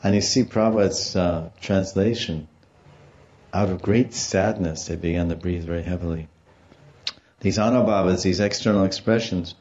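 A man with a lowish, mellow voice gives a devotional lecture in a storytelling manner. He stops to explain Sanskrit terms along the way. The recording is somewhat dull and lo-fi. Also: normal speed. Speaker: religious teacher.

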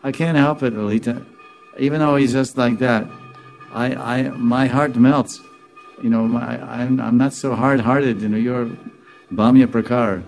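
A compassionate divine young woman with a melting heart speaks tenderly and earnestly, in a voice raised a little above the teller's own, as a man puts her on. Her gravelly, mellow tone stays gentle. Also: medium pitch, steady tone, a little slow, faint music behind, poor audio.

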